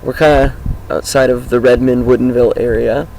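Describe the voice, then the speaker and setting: A teenage boy talking casually outdoors about his life, with a groggy, hoarse voice and a rambling, upbeat manner. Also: mid-range voice, flat delivery, a little fast, darkish tone, a little hiss or hum, poor audio. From Washington State, US. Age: teens. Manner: rambling, upbeat, many fillers. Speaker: high school student vlogger. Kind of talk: casual self-introduction vlog. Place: outdoors, sitting on his car.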